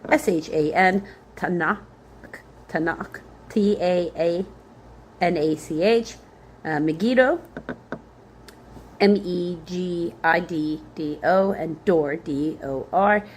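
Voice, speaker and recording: A woman's voice: on the low side, slow, pauses often, a little hiss or hum. A woman leading a Bible study, reading names from scripture aloud, spelling hard ones out letter by letter and thinking aloud with fillers.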